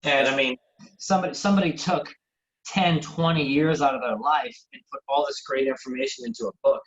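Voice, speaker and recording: A man's voice: mid-range voice, fairly quick, dull audio. A man hosting a casual fitness podcast, talking in a loose, rambling way with lots of restarts. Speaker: podcast host. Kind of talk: casual chat.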